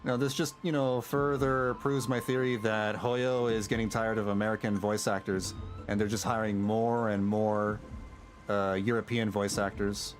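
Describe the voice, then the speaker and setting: A man's voice: on the low side, fairly even intonation, moderate pace. A man streaming a game and chatting casually, musing aloud and chuckling at his own remarks. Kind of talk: casual livestream commentary. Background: game music.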